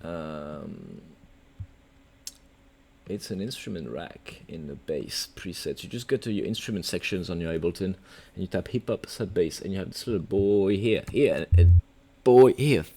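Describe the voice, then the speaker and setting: A man's voice: low voice, normal speed, a little mellow, husky. A man with a French accent, a music producer giving a casual, rambling, playful livestream tutorial.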